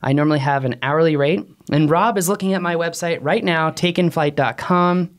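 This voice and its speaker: A man co-hosting a casual podcast discussion, animated, his pitch jumping up, laughing often. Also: fairly quick. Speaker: podcast co-host, drone pilot.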